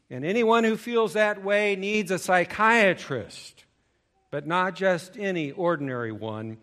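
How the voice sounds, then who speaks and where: A male preacher giving a sermon, emphatic, swinging between loud stressed phrases and low asides. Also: unhurried.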